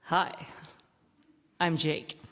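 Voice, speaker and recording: A woman's voice: very slow, a bit bright. A woman quoting a charming preppy young man in a bar, in her own voice, with easygoing offers, recorded in a reverberant hall. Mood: smooth.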